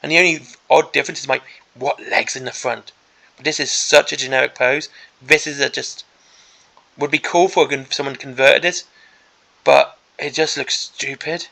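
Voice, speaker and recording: A man's voice: mid-range voice, steady tone, normal speed, gravelly, pushed and bright. A man hosting a miniatures hobby channel, giving an exasperated, sarcastic ranting commentary on a product preview.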